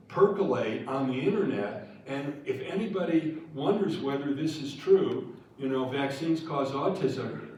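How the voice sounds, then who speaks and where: A man, a scientist, answering audience questions after a public lecture, thoughtful and halting with restarts. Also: mid-range voice, darkish tone, slight background noise. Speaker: guest scientist speaker. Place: lecture hall. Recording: echoey hall, voice from far off.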